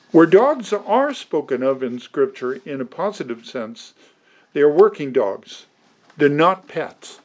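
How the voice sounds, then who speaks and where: A man preaching an expository sermon, slow and deliberate, with emphatic stresses and occasional restarts. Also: fairly high pitch, darkish tone.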